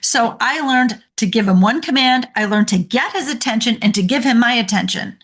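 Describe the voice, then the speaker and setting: Animated, laughing woman coach, higher voice. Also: normal speed. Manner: animated storyteller, laughs often. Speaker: neurodivergent coach, guest. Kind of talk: conversational podcast interview.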